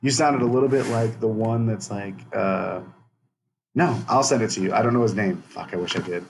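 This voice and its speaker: A man's voice: lowish voice, moderate pace, a little hiss or hum. A man co-hosting a casual podcast, crude and blunt, laughing often. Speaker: podcast co-host. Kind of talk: casual chat.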